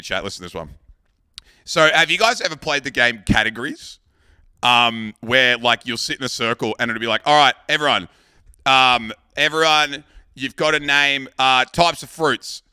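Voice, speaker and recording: A man's voice: mid-range voice, sharp tone, clean tone. A young Australian man streaming, telling crude stories to his chat and often laughing while he talks. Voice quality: crude, swears freely, laughs through stories. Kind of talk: casual live-stream storytelling.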